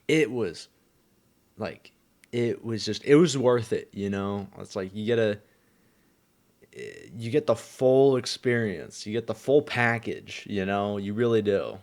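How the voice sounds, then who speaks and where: A man's voice: lowish voice, slow pace. A young man who just woke up, chatting casually and rambling with lots of fillers and swearing. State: just woken up. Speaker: vlogger. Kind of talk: casual chat.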